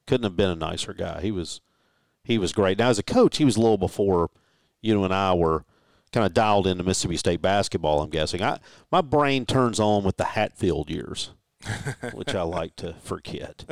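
Casting: low-voiced male co-host, anecdotal, easy laugh, dry studio sound. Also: moderate pace, dry recording. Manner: storytelling, self-correcting, laughs easily. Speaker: sports talk co-host. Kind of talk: casual sports chat.

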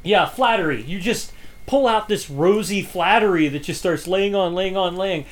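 A woman's voice: lowish voice, normal speed, a little hiss or hum. Woman cohost, rambly, laughs a lot, casual chat. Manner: rambling, laughs often, acts out quotes. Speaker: podcast co-host.

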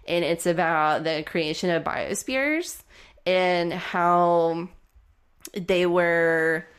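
A woman's voice: lowish voice, drawn-out words, clear, resonant tone. A woman co-hosting a casual podcast, talking in a chatty way with lots of "like" fillers. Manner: chatty, frequent "like" fillers, laughs easily. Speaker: podcast co-host. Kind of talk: casual chat.

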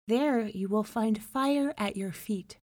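A woman voicing a solemn male fish spirit in a storybook reading, speaking in slow, grave pronouncements. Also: medium pitch, darkish tone, no room sound, studio quality, close to an everyday voice. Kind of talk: storybook narration.

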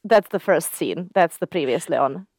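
A woman co-hosts a casual podcast, talking in a loose, rambling way full of fillers. Her pitch moves a lot from line to line, which gives her an animated sound. The recording is close and dry. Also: moderate pace, husky, dry recording. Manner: lively, rambling, many "like" fillers. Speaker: podcast co-host. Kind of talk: casual chat.

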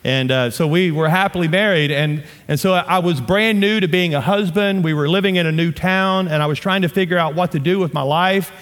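A man's voice: sits high, brisk, few pauses, fairly bright tone, in a large hall. A man in his fifties with a Southern US accent, from North Louisiana, preaching a sermon with impassioned emphasis and humorous asides. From North Louisiana, USA. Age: 50s. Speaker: pastor.

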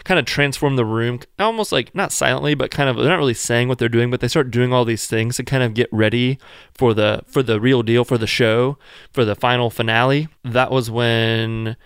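A man's voice: medium pitch, steady tone, normal speed, smooth, no room sound, studio quality. A man casually telling the story of his child's birth, rambling and filling his talk with "like", joking along the way. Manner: rambling, full of "like", jokes around.

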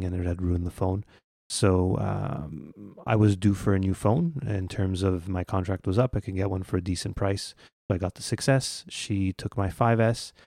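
Podcast co-host, man, low and gravelly, relaxed chatty delivery. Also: no echo, studio quality. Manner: chatty, frequent ums and restarts. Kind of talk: casual tech chat.

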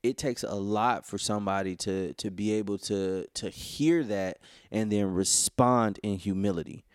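A man's voice: lowish voice, measured pace, smooth, no echo, clean studio sound. A man co-hosting a podcast, talking casually and rambling with lots of "you know" fillers. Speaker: podcast co-host. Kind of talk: casual conversation.

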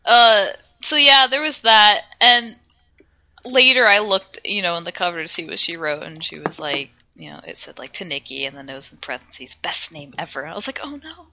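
A woman's voice: fairly low pitch, moderate pace, bright, forceful tone. A young woman co-hosting a podcast, telling a story in casual chat, laughing often, swearing and acting out what people said. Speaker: podcast co-host.

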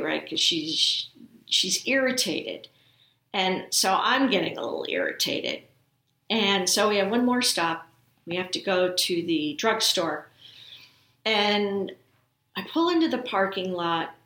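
A middle-aged woman tells a personal story slowly and unhurried, with a noticeably roomy echo around her voice. She talks conversationally, acting out bits of dialogue, and sounds close to tears. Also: medium pitch, sharp tone. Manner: conversational, emotional retelling with quoted dialogue. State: near tears. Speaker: podcast host.

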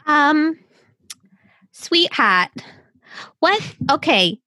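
A chatty middle-aged mom, stuck on a crossword clue, pitched high and loud and sounding flustered, as a woman puts her on for a friend. The voice is bright and close up, in a dry room. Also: very animated, very slow, no echo, heavily acted.

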